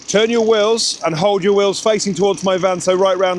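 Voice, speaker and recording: A man's voice: high voice, steady tone, moderate pace, a little hiss or hum. Chatty man with a raised voice. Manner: chatty, reassuring, gives directions. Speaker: vlogger. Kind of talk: casual vlog chat. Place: outdoors in snow.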